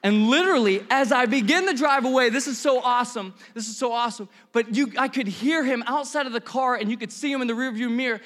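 A man preaching a sermon as pastor, telling stories in an animated, conversational way with bursts of emphasis. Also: very high-pitched, quick pace, hardly any pauses.

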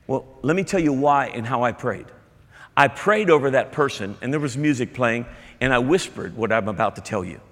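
A man's voice: mid-range voice, lively intonation, a little fast, a bit bright. A male pastor delivering a sermon, speaking emphatically and chatting directly with his congregation in a church. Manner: emphatic, conversational preaching with asides to the congregation. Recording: long hall reverb.

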